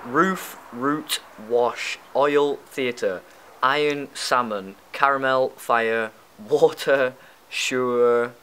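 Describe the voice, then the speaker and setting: A man's voice: mid-range voice, steady tone, very slow, sharp tone, clean tone, poor audio. Young lancashire guy rambling through a tag video, jokey, bit sweary. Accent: northern English, Lancashire. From Lancashire, England. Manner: jokey and blunt, swears casually. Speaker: YouTube vlogger. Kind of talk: casual chat, doing a tag video.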